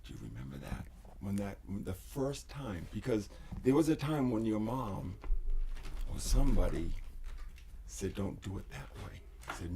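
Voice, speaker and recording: A man hosting a livestream, talking intensely, often sinking into whispers and bursting into shouts, rambling and swearing. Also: lowish voice, lively intonation, normal speed, a little hiss or hum. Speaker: livestream host. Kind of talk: emotional livestream monologue. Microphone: desk USB microphone.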